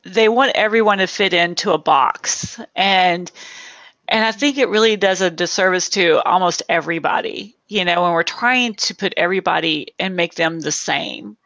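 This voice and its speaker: A woman hosting a casual interview chat, an animated storyteller who acts out what people said. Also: on the low side, moderate pace, no room sound, muffled recording. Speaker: host.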